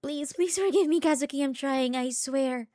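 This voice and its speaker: A woman's voice: fairly even intonation, moderate pace, background noise, lightly acted. A woman voicing a frantic pleading young woman. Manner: pleading, breathless, high and strained.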